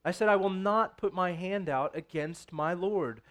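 Man, preacher, high voice, sermon, reads scripture then explains it casually. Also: unhurried. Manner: reads scripture aloud, then explains it conversationally with frequent "right?".

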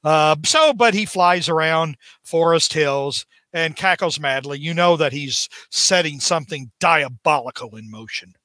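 A man's voice: a little high, a little slow, hardly any pauses, sharp tone, no room sound. A man hosting a comics podcast, gushing over a story and hamming up villain lines in casual chat. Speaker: podcast host reviewing comics.

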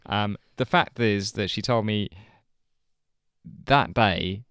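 A man's voice: on the low side, slow pace, fairly bright tone, clear, resonant tone, dry recording. A man co-hosting a podcast, chatting casually and chuckling often. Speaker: podcast co-host.

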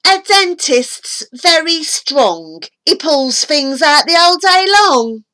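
A woman's voice: sits high, big pitch swings, slow, pushed and bright, voice pushed up, full character voice. A woman voicing a level-headed, plain-spoken mother in a storybook poem. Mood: matter-of-fact. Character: calm, blunt, no-nonsense mother.

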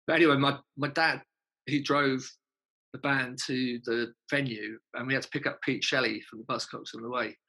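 A man's voice: mid-range voice, pushed and bright, slightly rough, rough recording. A man, a musician being interviewed, telling anecdotes in a chatty way, laughing and swearing freely. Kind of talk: casual anecdotal storytelling.

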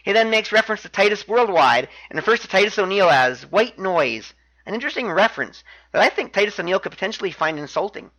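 A man's voice: high voice, expressive, fast, pushed and bright, low-quality recording. A man hosting a podcast, recapping wrestling matches in a chatty way with wry asides. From Canada. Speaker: podcast host.

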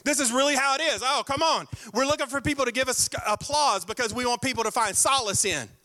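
A man preaching a sermon as pastor, emphatic and direct, repeating key lines, slowing down for scripture and teasing his congregation. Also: very high voice, pushed and bright. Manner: direct, playful jabs at the congregation.

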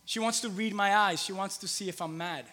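A man's voice: high voice, fairly quick, pushed and bright, big-room sound. A man in his thirties preaching a conversational sermon in a church, repeating phrases for emphasis. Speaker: pastor. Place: church hall with long reverb.

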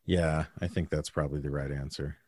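A man's voice: a bass voice, steady tone, a little fast, darkish tone, husky, no room sound, studio quality. A man in casual podcast banter, joking and trailing off mid-question. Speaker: podcast co-host. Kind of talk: casual chat.

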